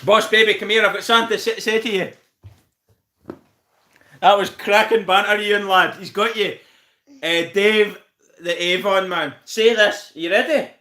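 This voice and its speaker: A man's voice: sits high, steady tone, moderate pace, pauses often, bright, forceful tone, reverberant. A Northern Irish man hosting a casual live stream, swearing and laughing as he teases viewers by name. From Northern Ireland.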